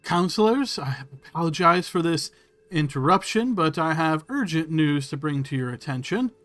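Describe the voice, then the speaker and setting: A fussy guild representative, put on by a man running a tabletop game, delivers his news in a slightly raised, formal voice. He is measured and a little pleading. The tone stays officious throughout. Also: on the high side, expressive, fairly bright tone, soft background music. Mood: urgent.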